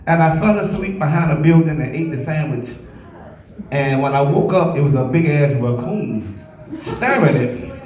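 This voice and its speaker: A man's voice: sits high, far from the mic. A man doing a stand-up comedy set, rambling through stories and laughing at his own jokes. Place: comedy club stage. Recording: very echoey room from afar.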